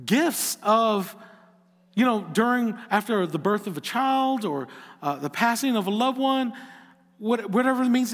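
A man's voice: very high-pitched, animated, measured pace, long reverb tail. A middle-aged male pastor preaching a sermon, earnest and at times rising to emphatic exhortation.

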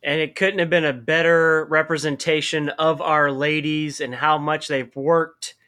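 Guy cohost with a sharp bright voice, joking around about wrestling. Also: a little high, little pitch movement, a little slow. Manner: playful, does mock voices. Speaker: podcast co-host. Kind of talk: casual wrestling recap chat.

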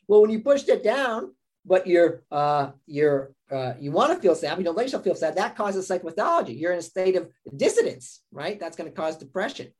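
A man's voice: a little high, lively intonation, quick pace. Casting: male psychologist guest, teacherly explainer who keeps checking in with his listener. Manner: teaching tone, tags many points with "right?" and "all right"; acts out patients' inner voices in quotes. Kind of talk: explanatory interview talk.

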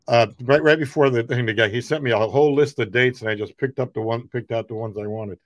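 A middle-aged man, a comedian guest, telling rambling, animated anecdotes. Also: mid-range voice, quick pace, no echo. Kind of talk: casual storytelling.

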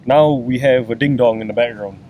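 A man's voice: a little fast, muffled recording. A man co-hosting a podcast outdoors, joking around with a sarcastic tone and casual swearing. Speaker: podcast co-host. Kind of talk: casual chat. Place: outdoors on a lawn by a city street. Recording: faint traffic rumble outdoors.

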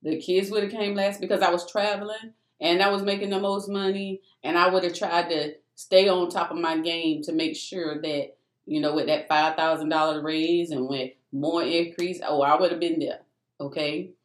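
Animated woman telling a faith story. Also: lowish voice, moderate pace. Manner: animated, emphatic, addresses listeners as "y'all". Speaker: testimony speaker. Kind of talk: faith testimony, casual storytelling. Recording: echoey room.

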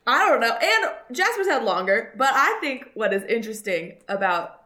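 A woman's voice: on the high side, sing-song, moderate pace, sharp tone. Young woman chatting in an echoey room. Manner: argumentative, laughs mid-sentence. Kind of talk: casual chat.

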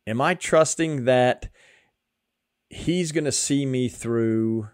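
A man's voice: medium pitch, slow pace, clear, resonant tone. A man hosting a faith podcast, telling a story earnestly and acting out what people said. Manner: earnest, emotional, acts out quotes. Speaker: podcast host.

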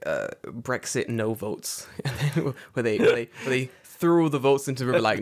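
A man's voice: medium pitch, very animated, brisk, few pauses. A man chatting casually as a podcast co-host, rambling and joking, often slipping into silly put-on voices. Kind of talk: casual chat.

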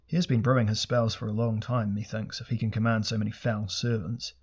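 A man's voice: lowish voice, flat delivery, fairly quick, slightly rough. Sardonic sorcerer prince, formal and cold, read by a man. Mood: grim. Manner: formal, archaic speech.

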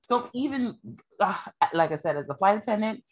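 A woman's voice: medium pitch, lively intonation, normal speed, lo-fi sound. A woman co-hosting a podcast, talking bluntly and jokingly in casual chat. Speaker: podcast co-host.

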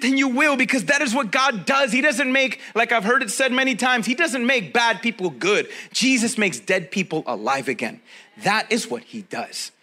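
A man's voice: sits high, pushed and bright. A man preaching a sermon as a pastor, talking straight to his listeners in a conversational way and driving points home with repetition.

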